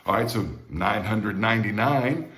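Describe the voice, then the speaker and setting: A man teaching Spanish numbers in a recorded lesson, patiently repeating each word slowly and checking in with the learner. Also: on the low side, fairly bright tone, roomy sound.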